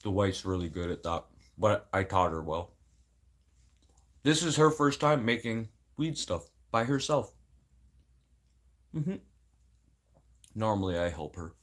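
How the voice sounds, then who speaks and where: A man's voice: fairly low pitch, sing-song, measured pace, long pauses, a bit bright. An adult man venting casually to camera, blunt and rambling, swearing constantly and sounding aggrieved. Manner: emotional, aggrieved. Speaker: vlogger.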